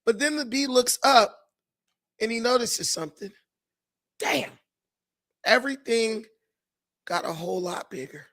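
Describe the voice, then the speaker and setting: A man hosting a talk show, telling a fable in a casual, animated, slangy way. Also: very high voice, a little slow, pauses often. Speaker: host.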